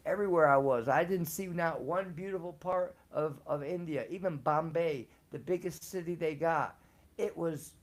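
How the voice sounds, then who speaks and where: A man casually telling personal stories, slangy and profane, laughing often. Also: a little high. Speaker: storyteller on a live show. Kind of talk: casual storytelling.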